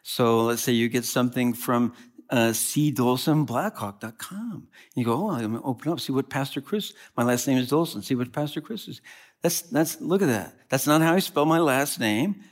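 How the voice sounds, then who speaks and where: A man preaching a sermon as pastor, animated and conversational, swinging from loud passages to quiet asides. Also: mid-range voice, normal speed.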